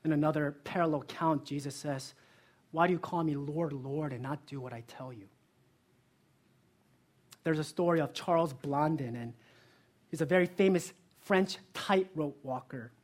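A male pastor preaches earnestly, asking listeners direct questions and telling stories with lively energy. His voice is a little high, at normal speed, with frequent pauses.

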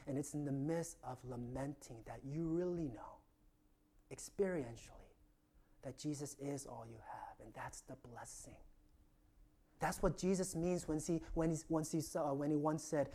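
Man preaching softly, trailing into near-whispers. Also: a little high, moderate pace. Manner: earnest, often trailing off into a near-whisper at phrase ends. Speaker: pastor. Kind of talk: sermon.

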